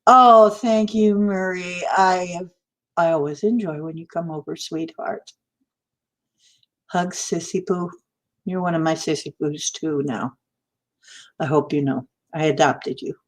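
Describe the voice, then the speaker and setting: This livestream host has a fairly low, steady voice, speaking a little slowly and pausing often. She chats casually with viewers, laughs frequently, and greets them by name.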